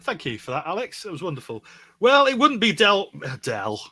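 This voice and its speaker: A man's voice: sits high, huge pitch swings, fairly quick, pushed and bright, husky, no echo. A man co-hosting a comedy podcast, reading quirky news stories aloud and adding quips. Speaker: co-host.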